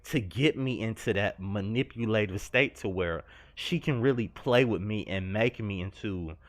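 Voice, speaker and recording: A man's voice: on the low side, moderate pace. A young man telling a personal story over gameplay, earnest and confessional, slangy and rambling. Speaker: gaming vlogger.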